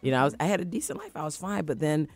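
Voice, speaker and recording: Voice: medium pitch, very fast, gravelly, soft background music. An adult speaker in a casual radio talk show, giving upbeat life advice and acting out their own inner thoughts. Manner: animated, motivational, acts out quoted thoughts.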